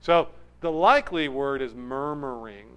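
Animated male preacher with a smooth voice. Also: measured pace, rough recording. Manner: animated, swings from loud emphasis to low asides; acts out crowd voices. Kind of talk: verse-by-verse sermon.

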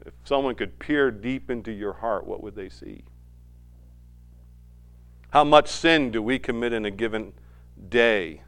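A man preaching a sermon as a pastor, swinging between loud emphasis and quiet asides and retelling scenes with voiced quotes. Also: fairly low pitch, unhurried, pauses often.

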